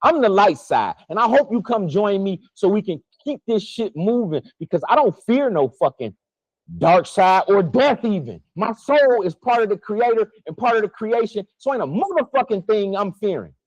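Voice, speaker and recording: A man delivering a heated, profane spiritual monologue to his viewers, preachy and emotional while fasting, his pitch swinging widely. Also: sing-song, no echo, rough recording. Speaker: spiritual vlogger.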